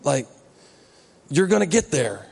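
A man's voice: on the high side, sing-song, slow, creaky, darkish tone, slightly rough, long reverb tail. A male pastor giving a sermon in a conversational way, with joking asides to the congregation. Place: church sanctuary.

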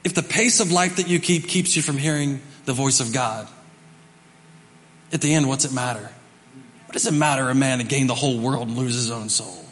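A male pastor giving a conversational sermon, shifting between loud emphasis and soft, quiet passages. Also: medium pitch, moderate pace, in a large hall, a little hiss or hum. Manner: conversational preaching with dramatic swings from loud to soft. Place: church sanctuary.

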